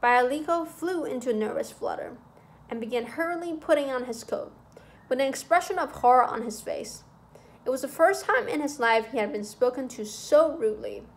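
A woman narrating a classic literary short story in a measured, expressive reading. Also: high-pitched. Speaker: audiobook reader.

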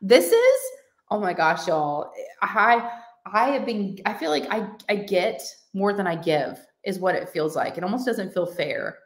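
A woman with a drawl hosts a casual crafting livestream from her home craft room. She reads comments aloud and gushes over her viewers, effusive and easily excited. Her voice sits at an ordinary pitch for a woman. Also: measured pace. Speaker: livestream host of a crafting channel.

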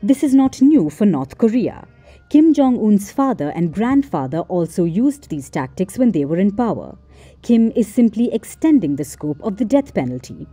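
A woman reads a news report in a formal, measured way. Her voice is dark and husky, with lively pitch, and faint music plays under it.

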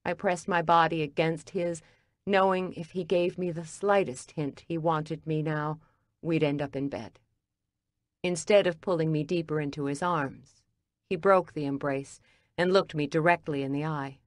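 A woman narrating a first-person audiobook in a quiet, intimate, measured way. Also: sits low, fairly even intonation, no room sound, clean studio sound.

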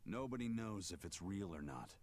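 A man voicing a bold pirate crewman who speaks in a steady, matter-of-fact way in game dialogue. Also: low voice, moderate pace.

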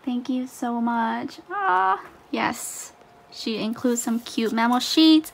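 A woman vlogger chatting casually through an unboxing, gushing and excitable with frequent laughs. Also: fairly high pitch, slow pace, vocal fry.

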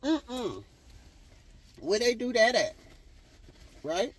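A woman's voice: a little high, sing-song, very slow, slightly rough, rough recording. Sassy, emphatic woman vlogging from a car. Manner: sassy, emphatic, repeats herself for effect. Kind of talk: casual storytime vlog. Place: parked car outside a hospital. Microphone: handheld phone camera.

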